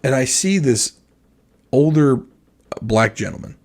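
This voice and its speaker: A man's voice: mid-range voice, a little slow. A man co-hosting a podcast, telling a story in casual chat and acting out the quoted voices of others. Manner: animated, acts out quoted dialogue. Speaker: podcast co-host.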